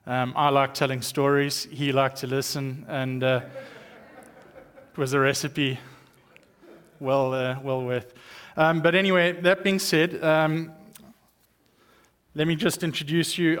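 A man's voice: on the high side, steady tone, takes it slowly, long pauses, fairly bright tone. A South African man in his thirties or forties, a guest speaker giving a chatty, joking testimony sermon with many fillers. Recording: long church hall reverb.

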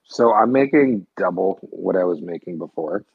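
A young man talks in a relaxed, teasing way, cursing casually. His low voice is gravelly and husky. He comes through a thin, phone-like line with a dry sound. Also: moderate pace, no echo. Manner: laid-back, teasing, swearing. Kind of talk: casual podcast chat.

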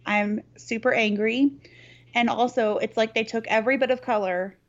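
A woman's voice: a little high, steady tone, normal speed. Woman podcast cohost, swears a lot, laughs a lot, kinda dull lo-fi call sound. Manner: blunt, swears freely, laughs often. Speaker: podcast co-host. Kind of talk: casual chat. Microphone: video call.

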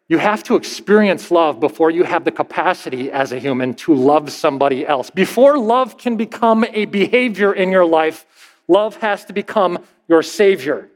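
A man's voice: on the high side, big-room sound. A man preaching a sermon as a pastor in a conversational, emphatic way, often restarting his phrases.

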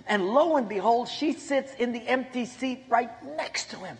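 A man's voice: very high voice, animated, moderate pace. A man with a Hawaiian accent preaching a sermon as pastor, telling funny stories and joking with his congregation. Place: large church hall with a congregation. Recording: echoey hall with long reverb.

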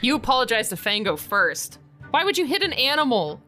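A woman playing a tabletop game, excitable and profane, laughing often. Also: a little high, a little fast, soft background music. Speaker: player. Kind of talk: casual tabletop play.

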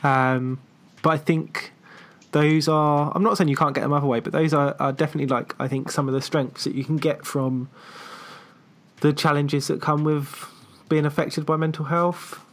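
A woman hosting a conversation, reflecting thoughtfully and hesitantly, with frequent "um" pauses. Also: low-pitched, fairly even intonation.

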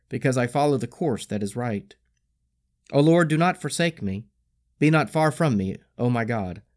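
Man reading scripture with lively intonation. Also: medium pitch. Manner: solemn, expressive reading with lively rises and falls. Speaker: scripture reader.

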